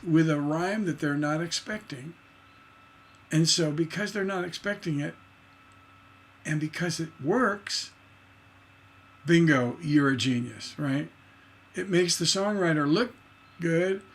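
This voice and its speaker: A man's voice: a little high, a little slow, pauses often, fairly bright tone. A man teaching songwriting on a livestream, enthusiastic and singing rhythm syllables to show his points. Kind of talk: livestream lesson.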